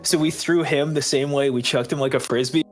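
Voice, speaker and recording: A man's voice: medium pitch, fairly even intonation, brisk, faint music behind. Eager young man swapping stories. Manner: eager, chatty storyteller. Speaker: podcast co-host. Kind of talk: casual chat.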